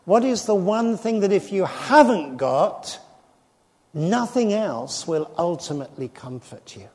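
Older preacher in a reverberant hall. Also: male voice, high voice, very animated, unhurried, darkish tone. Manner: earnest, acts out quoted dialogue. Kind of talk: sermon.

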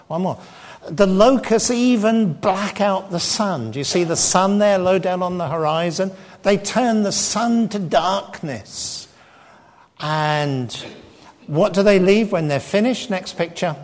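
An English man preaching a sermon, emphatic and sometimes speaking directly to children. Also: high-pitched. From England. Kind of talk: sermon with slides. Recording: long hall reverb.

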